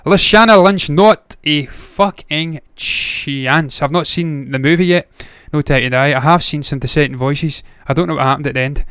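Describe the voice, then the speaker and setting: A man's voice: mid-range voice, steady tone, fast, hardly any pauses, fairly bright tone, clean tone, no echo, studio quality. A man hosting a movie news livestream, giving blunt, opinionated takes with frequent swearing. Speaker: movie news show host. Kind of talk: casual livestream commentary.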